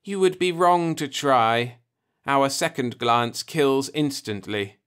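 A man reading the part of a polite, measured male alien in an audiobook, speaking with calm formality. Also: medium pitch, smooth. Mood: politely calm.

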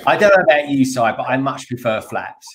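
A man's voice: mid-range voice, animated, brisk. A man joining a live stream as guest, chatting casually, laughing often and repeating words for emphasis. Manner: laughs easily, repeats himself, stresses words. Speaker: guest co-host.

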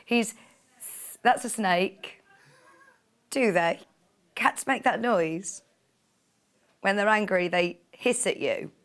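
A woman's voice: mid-range voice, slow, long pauses. Gushing TV shopping presenter woman. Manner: chatty and gushing, with frequent gasps and laughs. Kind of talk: live TV sales presentation. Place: TV studio.

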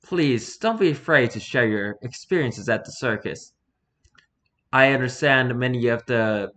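A man voicing a calm male doctor who questions his subject in a quiet, measured way. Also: mid-range voice, pitched below the performer's own voice, lightly acted. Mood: soothing. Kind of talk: reading an interview aloud in character.

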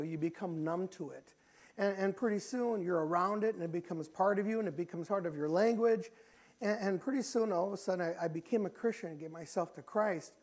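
A middle-aged man preaching a church sermon as pastor, earnest, often restarting phrases and clearing his throat. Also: sits high, darkish tone.

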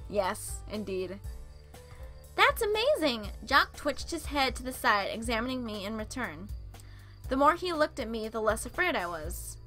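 A young woman with a high, bright voice reads a dating game aloud. She breaks off into playful asides and giggles along the way. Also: lively intonation, moderate pace, faint music behind. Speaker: let's play host reading a visual novel.

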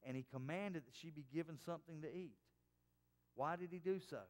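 A man preaching a sermon as pastor, dropping to soft, hushed tones for quoted words. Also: a little high, fairly quick, in a large hall. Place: church sanctuary.

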